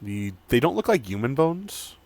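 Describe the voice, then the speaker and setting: A man running a tabletop game, describing scenes in an unhurried, halting way with fillers. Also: medium pitch, very animated, darkish tone. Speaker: game master.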